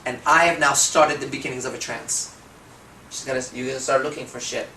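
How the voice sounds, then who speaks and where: A man giving a seminar talk as a dating coach, telling stories, swearing, and slowing into hypnotic suggestion. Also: mid-range voice, steady tone, sharp tone, slight background noise. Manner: profane, storytelling, slows into hypnotic suggestion. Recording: echoey room from far off.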